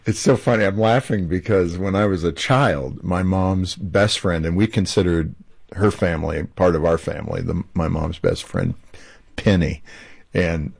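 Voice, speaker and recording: A man hosting a talk show, telling stories in an animated way and laughing easily. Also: deep voice, normal speed, gravelly, husky. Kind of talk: casual interview chat.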